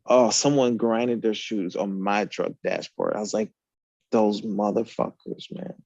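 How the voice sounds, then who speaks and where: A man's voice: fairly low pitch, a little slow, vocal fry, no room sound, highs cut off. Laughing man telling a story. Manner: animated, laughing, swearing storyteller. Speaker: guest on a truck talk show. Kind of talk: casual storytelling chat.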